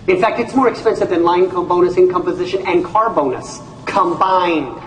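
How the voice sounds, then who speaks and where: A man with a high voice gives a lively sales pitch at a whiteboard, making his points with jokes and stories. He is recorded from some way off in an echoey room, with a faint hum of ambience behind him. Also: recorded from a distance. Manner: lively, jokey, tells stories to make points. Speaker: presenter at a whiteboard. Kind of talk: sales presentation.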